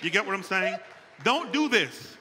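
A man's voice: high-pitched, moderate pace, a little hiss or hum. A man preaching a playful, conversational sermon, calling out to the congregation. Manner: animated, playful, calls out to the congregation. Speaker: pastor. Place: church sanctuary. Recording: long church hall reverb.

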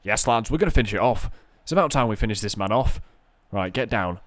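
Lively young man commenting on a game. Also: fairly low pitch, fast talker, dry recording. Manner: swearing, excitable, chatty banter to viewers. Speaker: gaming video creator. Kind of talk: casual gameplay commentary.

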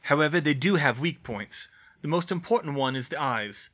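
A man voicing a calm adult wizard who lectures in a measured way, in an audiobook reading. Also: a little high, husky. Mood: lecturing. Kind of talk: audiobook reading of fan fiction.

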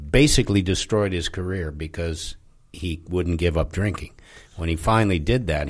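A man with a deep, low-pitched voice tells a personal story in relaxed conversation. He often restarts and repeats words, letting his sentences trail off softly. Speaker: guest.

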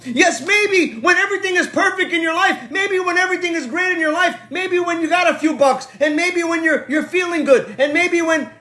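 A male pastor preaching a sermon, swinging from soft and slow to shouting and repeating phrases for emphasis. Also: very high voice, faint music behind.

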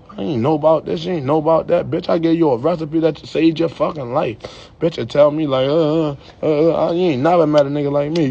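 Young guy ranting mad to his phone, fairly high gravelly voice, keeps saying yo. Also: dark tone, lo-fi sound. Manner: profane, heated, repeats "yo" at line ends. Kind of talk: angry rant to camera.

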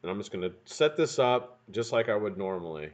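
Building vape coils at his home bench, a livestream host rambles, curses, and jokes with his chat. His voice is lowish with lively intonation, and he talks fairly quickly. The audio is dull, lo-fi stream quality.

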